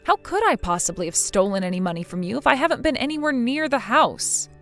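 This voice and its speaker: A woman voicing a cool, sarcastic young wife in a scripted text-message drama, mocking quietly. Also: fairly high pitch, very animated, quick pace, soft background music.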